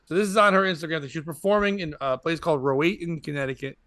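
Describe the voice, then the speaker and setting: A man's voice: fairly high pitch, quick pace, no room sound, studio quality. A man who hosts a podcast and works as a comedian, telling stories in casual chat and acting out the voices of people he quotes. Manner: animated, acts out quoted voices.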